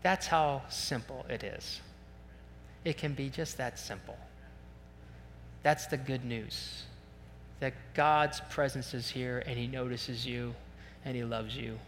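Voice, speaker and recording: Bright-voiced pastor in a reverberant hall. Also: male voice, mid-range voice, takes it slowly. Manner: conversational, animated storytelling with self-deprecating asides. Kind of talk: sermon with storytelling. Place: church sanctuary. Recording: long reverb in a large hall, faint hum.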